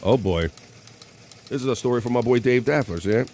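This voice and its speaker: A man's voice: mid-range voice, brisk, noisy background. Chatty man hosting a live stream. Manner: chatty, joking, reads viewer comments aloud. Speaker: live show host. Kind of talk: casual live-stream chat reading comments.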